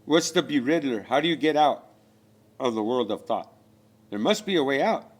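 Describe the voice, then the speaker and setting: A man's voice: medium pitch, animated, moderate pace. A man delivering a rambling spiritual rant, profane and preachy, full of rhetorical questions.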